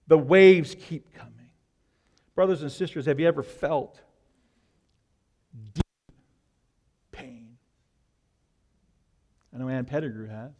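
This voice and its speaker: A male pastor preaching an impassioned sermon, swinging between loud, urgent lines and hushed ones. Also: medium pitch, long reverb tail.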